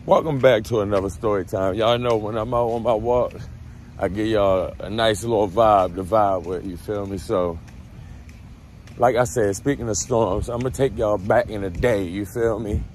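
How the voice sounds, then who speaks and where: A man's voice: lowish voice, moderate pace, slight background noise. A man with a Baltimore accent telling a profane, slangy story outdoors while walking. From Baltimore, USA. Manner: loose, profane street slang, animated retelling. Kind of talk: casual storytime vlog. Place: outdoors on a walk.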